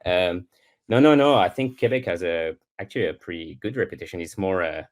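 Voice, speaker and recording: Casting: middle-aged Swiss French man, very low voice, halting second-language English, lots of fillers and restarts, heard over a remote call. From Switzerland. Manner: hesitant, many restarts and fillers, searching for English words. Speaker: guest curler. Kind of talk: casual podcast interview. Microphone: remote call connection.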